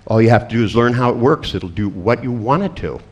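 A man's voice: mid-range voice, expressive, fast, slightly rough. Blunt, profane seminar storyteller man. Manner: blunt and profane, acting out client exchanges; wry, laughs at his own stories. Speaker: seminar presenter on therapy and coaching. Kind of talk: storytelling seminar talk to a live audience.

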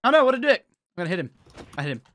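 A man hosting a game role-play, excitable and jokey, quick to laugh and to cry out. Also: sits high. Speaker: host.

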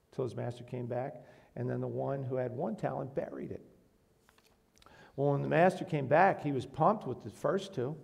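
In a mellow, gravelly voice of medium pitch, a pastor delivers a sermon to a church congregation. He is earnest, puts questions to the room, and builds to emphatic outbursts.

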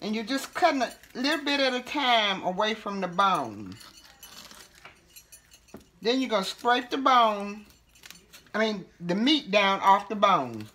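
A woman's voice: medium pitch, big pitch swings, measured pace, long pauses, sharp tone. A woman, chatting casually as she demonstrates home cooking. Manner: chatty, folksy, talks while working with food.

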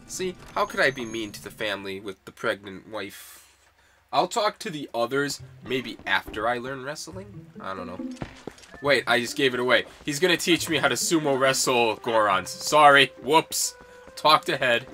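A man's voice: mid-range voice, animated, moderate pace, sharp tone, soft background music. Playful young man narrating gameplay. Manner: playful, rambling, chuckling asides. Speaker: let's-play gamer. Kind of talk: casual game commentary.

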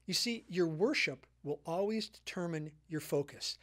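A man's voice: on the high side, moderate pace, fairly bright tone. A man in his sixties, a guest speaker giving a sermon, retelling a story earnestly and repeating his key points.

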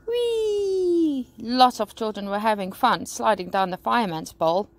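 A woman teacher reading a story aloud to young children, outdoors. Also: mid-range voice. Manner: slow, warm storytelling to children. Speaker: primary school teacher. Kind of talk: bedtime story read-aloud.

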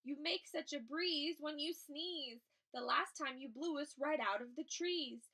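A woman's voice: high-pitched, unhurried, pushed and bright, far from the mic, heavily acted. A woman reading the lines of a group of anxious monkeys, pleading in rhyme. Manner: pleading, rhyming.

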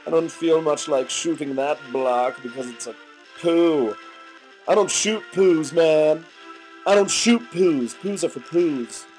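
A man's voice: fairly high pitch, slow, darkish tone, soft background music, poor audio. A young man with a sore, gunky throat giving goofy gaming commentary full of silly outbursts. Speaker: let's play commentator.

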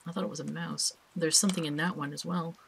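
A woman's voice: low-pitched, steady tone, fast, creaky, slight background noise. A woman hosting a let's play, chatting casually and thinking aloud as she plays, with small laughs. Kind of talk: casual gameplay commentary.

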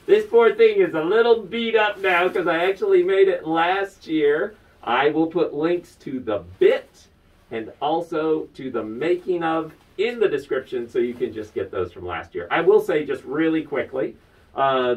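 Animated man telling funny stories. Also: measured pace, recorded from a distance, muffled recording. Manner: animated, laughing often, bursts into high squeals. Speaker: vlogger. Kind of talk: casual storytelling to camera.

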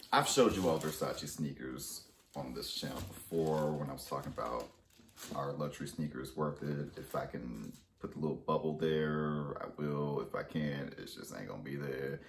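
A deep-voiced man with a gravelly edge tells a casual unboxing story for his vlog. His pitch bounces all over, jumping from loud exclamations to muttered asides. He was recorded in an echoey room with a little background noise. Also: animated, a little slow. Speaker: fashion haul vlogger.

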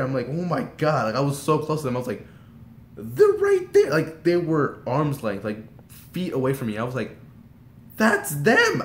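A young man casually telling a rambling story, full of fillers, his voice jumping high when he gets excited. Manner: rambling, filler-heavy retelling that surges into high excited shouts. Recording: roomy echo, faint background noise.

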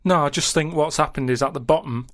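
A man's voice: a little high, fast, no echo, studio quality. A man in casual radio chat, blunt and matter-of-fact, arguing odd ideas in plain terms. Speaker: radio show regular.

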